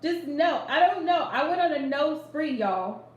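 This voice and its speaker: A woman hosting a live chat with her viewers, animated and emphatic, repeating her points and laughing often. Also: high-pitched, unhurried, echoey room, dull audio. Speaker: livestream host giving readings.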